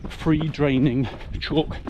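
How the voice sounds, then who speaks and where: A man's voice: a little high, steady tone, slow pace, dark tone, lo-fi sound. A middle-aged man giving a chatty, explanatory commentary while running a muddy rural trail. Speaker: vlogger. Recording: noisy outdoor recording.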